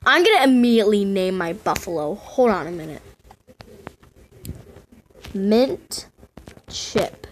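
A woman giving casual game commentary to her viewers in an excitable way, often squealing and gasping. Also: medium pitch, takes it slowly, pauses often, a little hiss or hum. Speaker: gaming video host.

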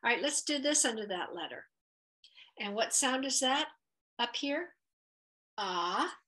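A woman gives a patient, encouraging letters lesson, sounding out each vowel carefully. Her voice is bright and clear. She speaks at a slow, deliberate pace. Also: on the high side, animated. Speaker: Hebrew teacher. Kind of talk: children's lesson at a whiteboard.

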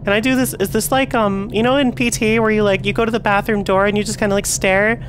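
A young woman streaming a horror game, chatting to her viewers and swearing and yelling when the game frustrates her. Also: medium pitch, steady tone, fast, a little hiss or hum. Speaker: VTuber streamer. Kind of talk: casual gameplay commentary.

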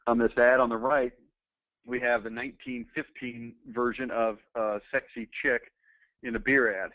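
A man's voice: medium pitch, flat delivery, normal speed. A man giving casual commentary while reading aloud, talking in an offhand way with hesitant fillers. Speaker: presenter reviewing old ads. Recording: dry, tinny phone-like sound.

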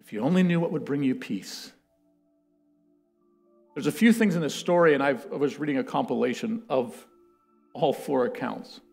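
A man preaching a sermon and reading scripture aloud, swinging from loud declarations to hushed words. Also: mid-range voice, moderate pace, creaky, pauses often, soft background music.

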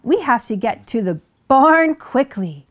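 A woman's voice: fairly high pitch, very animated, unhurried. A woman voicing a timid, frightened flock of sheep that bleats out its fears. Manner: bleating, fearful.

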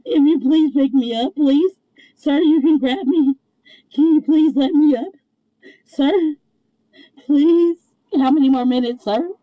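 Young woman crying n begging in the back of a cop car, high voice, muffled lo-fi sound. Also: measured pace, pauses often, no echo. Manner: begging, repeating herself. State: crying, in pain. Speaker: detained woman. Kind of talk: pleading from a police car. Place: back of a moving police car.

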